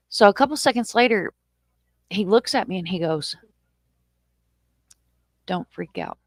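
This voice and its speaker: A woman hosting a live chat, telling a story in a lively, swearing style and acting out quotes in a raised voice. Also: medium pitch, moderate pace, long pauses, no echo. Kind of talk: casual storytelling.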